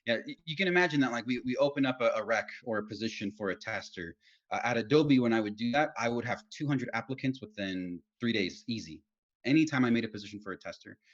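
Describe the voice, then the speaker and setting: A man's voice: medium pitch, quick pace. A man giving casual career advice as a guest speaker on a video call, telling stories with lots of fillers and restarts. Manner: animated storytelling, many fillers and restarts. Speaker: guest speaker, test engineering lead. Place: home, Utah. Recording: dull lo-fi video call audio.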